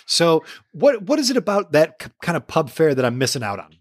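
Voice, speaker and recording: A man's voice: a little high, very animated, brisk, no room sound, clean studio sound. A man hosting a comedy interview, eager and enthusiastic, stumbling over his restarts as he asks questions. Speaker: interview host.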